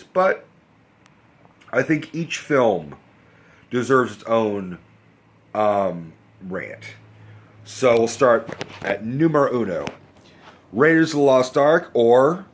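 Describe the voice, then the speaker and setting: A man hosting a casual movie review rant, rambling and swearing, with a cough and a sore throat, recorded on a handheld phone. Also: on the low side. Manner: rambling, swears freely, self-correcting. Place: indoors under a bright lamp. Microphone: handheld phone camera.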